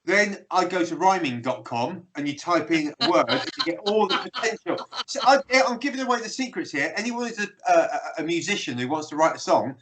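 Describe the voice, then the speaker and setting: A British man, a musician guest on a video call, telling lively anecdotes and laughing through them. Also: a little high, fairly quick, few pauses, rough recording. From Britain. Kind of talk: casual storytelling interview.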